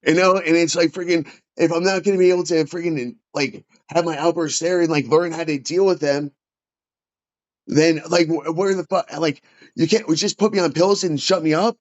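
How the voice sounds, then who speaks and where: A man venting about his care as a veteran, agitated and halting, restarting and swearing often. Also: on the high side, fairly even intonation. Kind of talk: casual emotional chat. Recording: dull lo-fi sound.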